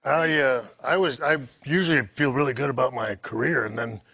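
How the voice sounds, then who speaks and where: Man, self-deprecating panel guest, bright forceful voice, dry sound. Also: mid-range voice, a little fast, slightly rough, no echo. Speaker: panel guest, former wrestler. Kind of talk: casual chat.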